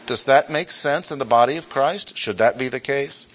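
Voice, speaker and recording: A man's voice: medium pitch, moderate pace, fairly bright tone, slight background noise. A male pastor preaching a sermon in a church, emphatic, repeating key points and asking rhetorical questions.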